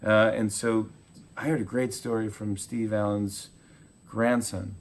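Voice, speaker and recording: A man in his forties, a talk show host, telling animated stories in a casual interview and acting out quotes. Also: lowish voice, a little slow. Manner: animated storyteller, acts out quotes.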